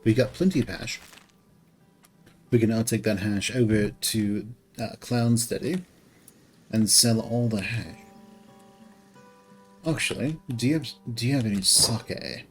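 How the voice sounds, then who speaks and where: A man with a fairly low voice gives casual commentary while he plays a game. He thinks out loud, trails off and restarts his sentences as he goes. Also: measured pace, pauses often, soft background music, poor audio. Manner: thinks aloud, rambling with restarts. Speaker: game streamer.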